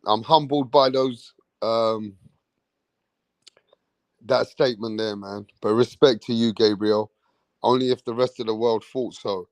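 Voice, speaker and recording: Slangy boxing streamer. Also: male voice, mid-range voice, dry recording. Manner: shouts out chat users, slangy and emphatic. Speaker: boxing channel host. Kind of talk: casual live-stream chat.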